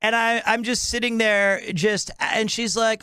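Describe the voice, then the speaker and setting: A man's voice: very high voice, moderate pace, few pauses, bright, forceful tone, smooth, dry recording, studio quality. A man telling a comedic anecdote, acting out his own reactions with laughter. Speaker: podcast guest storyteller.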